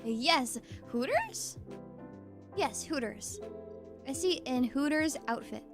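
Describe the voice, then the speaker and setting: A woman's voice: sits high, slow pace, soft background music. A woman streamer chatting casually with her viewers, bubbly and giggly, reading chat aloud.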